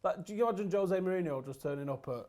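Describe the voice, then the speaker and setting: A man's voice: high voice, fast talker, darkish tone. A young man hosting a casual podcast, chatty and enthusiastic, swearing freely. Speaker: podcast host, grandson.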